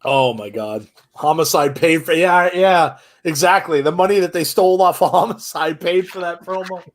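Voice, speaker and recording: A man co-hosting a live reaction commentary, excitable, laughing often and gushing with exclamations. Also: fairly high pitch, normal speed. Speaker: co-host of a wrestling watchalong.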